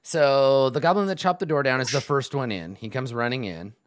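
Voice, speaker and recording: A man's voice: mid-range voice, a little fast, clear, resonant tone, dry recording. Man running a tabletop game, dry mic. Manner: relaxed, laughing, many fillers. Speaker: game master.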